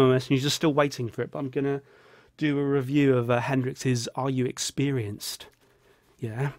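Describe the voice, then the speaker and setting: A man's voice: fairly bright tone, dry recording, clean studio sound. Rambling, jokey man vlogging. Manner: rambling, jokey, drops into a low mutter on a catchphrase. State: feeling ill. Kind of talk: rambling casual vlog.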